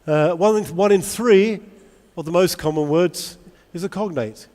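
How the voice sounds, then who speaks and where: A man giving a lively conference talk to English teachers, asking the audience many questions. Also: sits high, a little slow. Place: large convention hall. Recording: long hall reverb.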